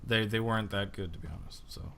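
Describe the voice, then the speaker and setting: A man's voice: on the low side, fast, gravelly, fairly bright tone, a little hiss or hum. A young man co-hosting a casual gaming chat, talking in a laid-back way and swearing now and then. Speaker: co-host.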